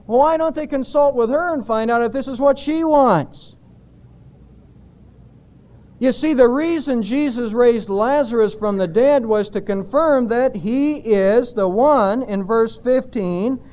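High-voiced preacher on a dull, lo-fi recording. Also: male voice, slow. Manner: emphatic, asks the congregation rhetorical questions. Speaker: pastor. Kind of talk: expository sermon.

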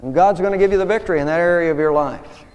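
A pastor preaches a sermon in a church sanctuary, his high-pitched, darkish yet clean voice racing along and rising impassioned on key points. The long reverb of the church hall hangs over the recording.

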